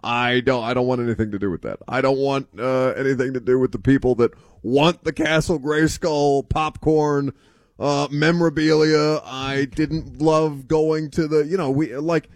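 A grumpy man in his thirties cohosting sports radio, brushing off ideas in a mid-pitched voice. His delivery is dry and close to the mic, with no room sound. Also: steady tone, normal speed, no room sound. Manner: grumpy, dismissive. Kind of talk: casual radio banter. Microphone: studio mic.

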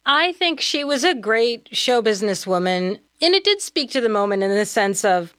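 A woman's voice: a little high, very animated, normal speed, a bit bright, no echo, clean studio sound. A woman co-hosting a podcast in casual chat, wry and amused with jokey asides. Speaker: podcast co-host.

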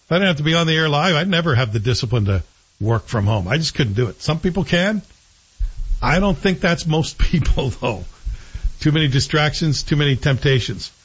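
A man's voice: on the high side, expressive, fairly quick, breathy edge. Male host, casual talk radio, wry asides, lo-fi studio audio. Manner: chatty, self-deprecating, joking asides. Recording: dull radio broadcast.

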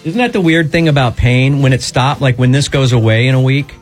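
A man in casual banter with his co-hosts, mid-pitched and self-pitying in a joking way. He talks defensively, and faint music plays behind him. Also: a little fast. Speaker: co-host.

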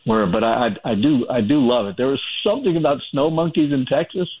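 A man's voice: medium pitch, quick pace, slightly rough. Male guest author on a phone line, mid-range voice, rambling anecdotal delivery. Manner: chatty storyteller, many fillers and restarts. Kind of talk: phone-in radio interview.

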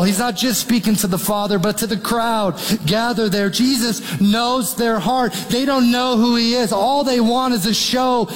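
High-voiced preacher in a reverberant hall. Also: male voice. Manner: dramatic, acts out the father's pleading in quoted voice. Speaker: pastor. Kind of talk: sermon.

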